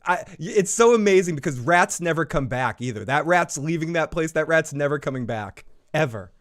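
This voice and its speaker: A man with a slightly high voice co-hosts a casual review chat. He heaps on mock praise, laughing often between lines. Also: animated, moderate pace, a bit bright. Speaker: co-host.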